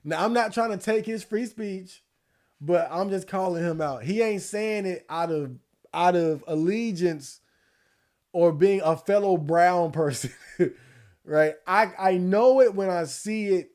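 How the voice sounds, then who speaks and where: A man streaming casual commentary, laid-back and slangy, swearing freely and laughing often, a little hoarse. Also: sits high, unhurried, a little mellow. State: losing his voice. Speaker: streamer reacting to election night.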